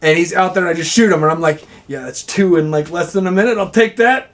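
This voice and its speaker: A man chatting casually, laughing often, swearing and jumping into loud acted voices for quotes. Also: high voice, quick pace. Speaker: airsoft player. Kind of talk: casual chat.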